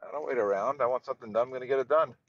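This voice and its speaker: A man's voice: medium pitch, very fast, dry recording. Blunt, teasing male co-host, mid-range voice, dry close sound, dull lo-fi mic. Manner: blunt, teasing, swears freely. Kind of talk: casual banter.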